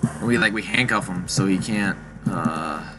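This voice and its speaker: A low-voiced man rambling through casual gameplay commentary, laid-back and full of swearing. Loud game music plays right under his voice the whole time. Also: unhurried, rough recording.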